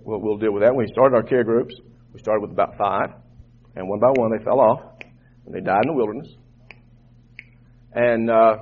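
A pastor with a husky, mid-range voice preaches fervently to his congregation, repeating words as he builds each point. The recording is tinny, like a phone line, and muffled.

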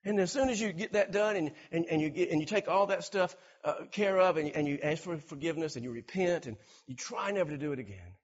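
A man preaching a sermon, animated, acting out everyday scenes and repeating words for emphasis. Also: fairly high pitch, quick pace, hardly any pauses, highs cut off. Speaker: pastor.

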